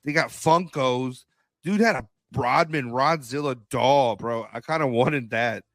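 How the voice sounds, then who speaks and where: A man in casual podcast chat, trading stories with a friend in a slangy, profane, animated way. His voice sits in a middle pitch and sounds close and dry, with no room around it. He slips into little impressions of the people in his stories. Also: measured pace, no room sound. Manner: animated storyteller, acts out quotes, laughs often; slangy, swears. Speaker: podcast co-host.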